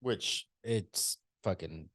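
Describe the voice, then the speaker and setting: A man's voice: low-pitched, extremely slow, fairly bright tone, dry recording, studio quality. A man co-hosting a movie podcast, talking loosely and profanely, teasing his co-host. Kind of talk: casual chat.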